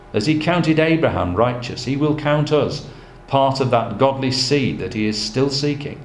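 Man, preacher, measured sermon delivery, mid pitch, echoey room. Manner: earnest, measured delivery with scripture quotations. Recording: echoey room with faint background noise.

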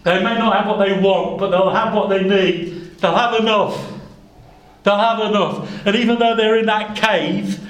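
A man's voice: sits high, steady tone, measured pace, a bit bright, reverberant, poor audio. A man preaching a sermon, earnest, quoting scripture in old-fashioned wording and addressing the congregation as brothers and sisters.

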